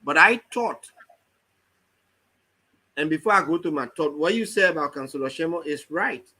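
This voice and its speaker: A man's voice: fairly high pitch, lively intonation, moderate pace, sharp tone, low-quality recording. A man, an opposition party official debating on a political talk show, pressing his points with argumentative questions.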